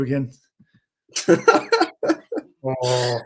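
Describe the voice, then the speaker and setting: A young man, hosting a live fan stream and commentating excitedly, shouting during attacks. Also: high voice. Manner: shouts and rushes during attacks, chats between. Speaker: fan channel host.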